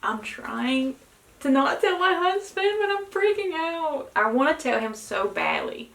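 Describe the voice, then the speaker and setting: A young woman, vlogging casually to camera, excited and nervous, with many gasped exclamations. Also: sits high, unhurried, vocal fry, roomy sound, rough recording. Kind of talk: casual vlog talk to camera.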